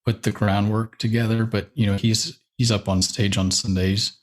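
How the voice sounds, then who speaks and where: A man's voice: fairly low pitch, level tone, moderate pace. A young man, a church media director, talking casually as a podcast guest, rambling with fillers and light laughs. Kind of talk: casual interview chat.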